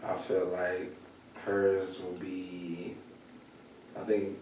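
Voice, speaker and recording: A man talking in a relaxed, casual way as a guest, leaning on "you know" a lot. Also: low voice, extremely slow, slight background noise. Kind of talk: casual chat. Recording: very echoey room, distant mic.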